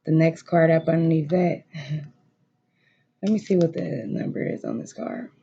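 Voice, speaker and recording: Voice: mid-range voice, steady tone, measured pace, creaky, warm tone, husky, highs cut off. A tarot reader in a home room doing a card reading, talking straight to viewers in an emphatic, emotional way. They repeat lines of encouragement and swear freely. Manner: emphatic, repetitive, profane, emotionally intense.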